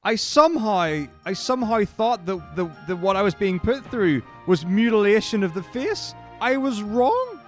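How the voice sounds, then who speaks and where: A man putting on the voice of an eerie man who relishes pain, with high, drawn-out theatrical delivery. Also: big pitch swings, soft background music.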